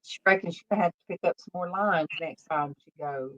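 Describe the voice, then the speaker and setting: A woman's voice: on the low side, moderate pace, fairly bright tone, highs cut off. A middle-aged woman hosting a casual livestream chat, reading viewer comments aloud and talking with her daughter. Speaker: host.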